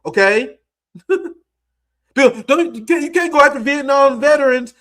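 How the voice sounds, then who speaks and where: A man's voice: very high voice, lively intonation, unhurried, sharp tone. A young man giving heated, profane political commentary as a streamer, mocking and ranting at his audience.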